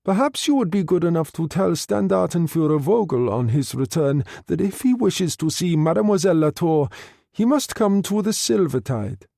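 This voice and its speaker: Man putting on a clipped German officer, cold, formal, raised pitch, distant sound, dry. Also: expressive, moderate pace, vocal fry, warm tone, no room sound. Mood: commanding. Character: cold German captain, commanding.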